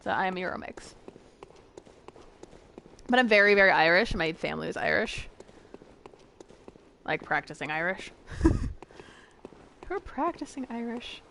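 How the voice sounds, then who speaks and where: A woman's voice: fairly low pitch, normal speed, gravelly, long pauses, a bit bright, slight background noise. A young American woman streaming a game, chatting casually with viewers in a giggly, rambling way. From United States. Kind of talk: casual gameplay chat with viewers.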